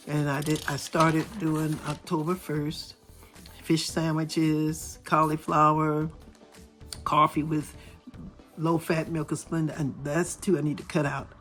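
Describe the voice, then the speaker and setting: A middle-aged woman vlogger chatting casually with her viewers, her voice still a little raspy and hoarse after a cold. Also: sits low, flat delivery, slow, a bit bright, soft background music. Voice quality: slightly raspy. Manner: chatty, talks straight to viewers. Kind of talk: casual chat. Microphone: camera filming from overhead.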